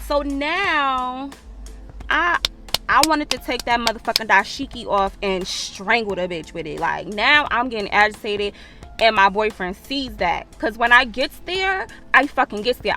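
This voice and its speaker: A woman's voice: on the high side, lively intonation, moderate pace, bright, forceful tone, soft background music. A woman vlogger, telling a storytime with profanity and acted-out quotes. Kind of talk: storytime vlog.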